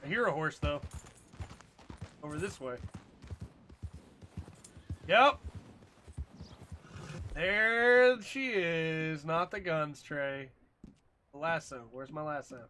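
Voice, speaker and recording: A man's voice: on the high side, fairly even intonation, a little slow, long pauses, pushed and bright, slight background noise. A man giving casual commentary while playing a video game, talking to his horse and getting frustrated at the game. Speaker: gamer.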